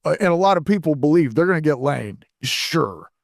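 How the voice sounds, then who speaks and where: Higher-voiced man chiming in on a podcast. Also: sing-song, vocal fry, no room sound, studio quality. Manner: short agreeing replies, halting starts. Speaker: podcast co-host. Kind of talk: casual chat.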